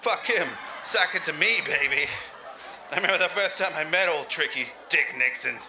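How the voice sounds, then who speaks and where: A man with a slightly high voice speaks at a moderate pace over a noisy background. Playing an old lounge comedian who claims to be eighty-five, he tells a crude, rambling comic story and laughs through his own jokes.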